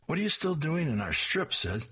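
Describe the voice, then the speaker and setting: A man's voice: a little high, sing-song, normal speed, sharp tone, slightly rough, voice pushed up, heavily acted. A man voicing an exasperated comic-strip mother ordering a visitor out. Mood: impatient.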